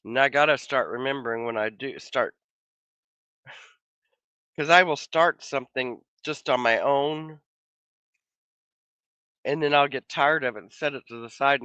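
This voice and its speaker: A man with a bright, sharp-edged voice, slightly hoarse as if he is losing it, chats casually with his livestream viewers. He rambles easygoingly and circles back on his own sentences. The sound is dry and a little dull, like a modest home setup. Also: mid-range voice, measured pace, long pauses, no echo. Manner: rambling, easygoing, with frequent trailing restarts. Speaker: livestream host. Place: home office.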